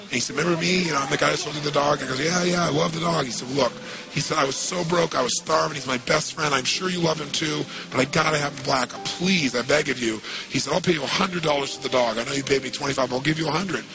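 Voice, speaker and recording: Male motivational speaker, raised pitch, fry in the voice, plays out the dialogue in his stories, music bed underneath. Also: quick pace, poor audio. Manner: lively, acts out quoted dialogue, asks the audience questions. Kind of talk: storytelling to an audience.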